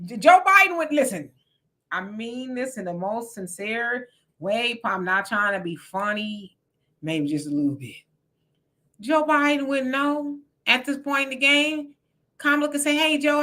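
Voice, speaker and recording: Bright, lively woman hosting a live chat. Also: high-pitched, moderate pace. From Texas. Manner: animated, laughs often, greets viewers by name. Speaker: host of a live stream. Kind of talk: casual live chat reading viewer comments.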